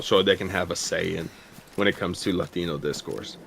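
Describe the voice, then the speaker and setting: A man's voice: sits low, fairly even intonation, moderate pace, creaky, a bit bright, a little hiss or hum. A man in casual stream chat, ranting bluntly and profanely with many restarts.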